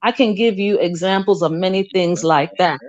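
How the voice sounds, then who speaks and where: A woman's voice: fairly low pitch, moderate pace. Woman telling a little story in a chat, acting out quotes, kinda muffled. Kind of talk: casual discussion.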